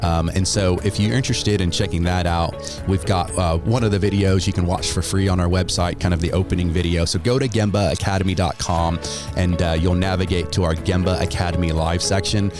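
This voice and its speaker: A man's voice: sits low, steady tone, brisk, music in the background. An American man hosting a podcast in casual chat, laughing often and restarting his sentences. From United States. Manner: chatty, laughs often, many fillers and restarts. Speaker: podcast host.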